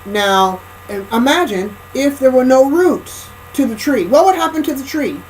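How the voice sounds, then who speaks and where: A woman's voice: sits high, animated, moderate pace, slight background noise, rough recording. A woman speaking in a rambling spiritual lecture monologue, emphatic, often restarting and repeating phrases, checking in with the listener as she goes.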